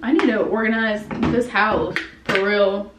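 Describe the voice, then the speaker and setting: A young woman chatting casually to the camera in an animated vlog at home, often talking to herself. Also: mid-range voice, a little slow, background noise. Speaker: vlogger. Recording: echoey room, camera at a distance.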